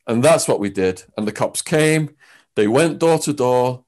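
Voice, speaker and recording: An Englishman with an English accent sits for an interview as a guest, telling his story animatedly. His pitch and loudness swing widely, and he speaks a little slowly.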